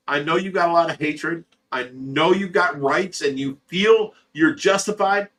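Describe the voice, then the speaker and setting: Blunt, bright-voiced middle-aged man. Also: a little high, unhurried, hardly any pauses, recorded from a distance. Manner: blunt, profane, earnest fatherly advice. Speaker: livestream host reading chat. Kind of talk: casual livestream chat.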